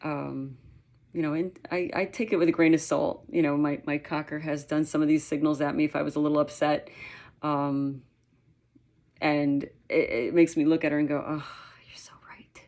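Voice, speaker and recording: A woman's voice: low voice, level tone, a little fast, a little mellow. A woman dog trainer giving a casual, chatty lesson, with many fillers and the occasional playful dog sound. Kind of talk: casual instructional talk.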